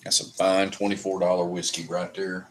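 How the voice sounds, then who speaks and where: Deep-voiced man ranting with profanity. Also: flat delivery, normal speed, slight background noise. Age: middle-aged. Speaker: livestream host. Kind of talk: casual chat while drinking whiskey.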